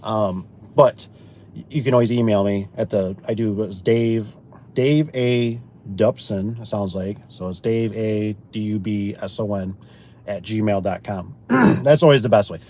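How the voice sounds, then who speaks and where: A garage door installer and business owner chatting to viewers, rambling through folksy work stories and acting out both sides of conversations. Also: male voice, fairly low pitch, measured pace, darkish tone, slight background noise. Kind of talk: casual storytelling to viewers.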